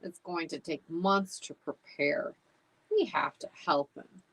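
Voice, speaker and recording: A woman's voice: sits low, slow pace, fairly bright tone, breathy edge, exaggerated voice, low-quality recording. Give me a woman voicing a bold, sassy female dog. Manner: emphatic and matter-of-fact.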